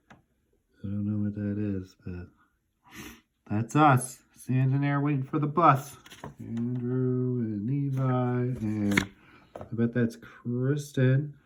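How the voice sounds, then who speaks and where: A man in his forties talks through a box of old photographs in a slow, musing voice. He seems half to be talking to himself, with pitch sitting in the ordinary middle for a man. Easygoing, reflective, in no hurry at all. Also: a little mellow, slight background noise. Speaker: vlogger looking through childhood photos. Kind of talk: casual reminiscing monologue.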